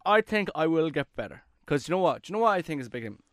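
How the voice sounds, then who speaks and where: A man in his thirties co-hosting a podcast in casual chat, jokey and quick to defend himself. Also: on the high side, very animated, no echo, clean studio sound. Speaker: podcast co-host.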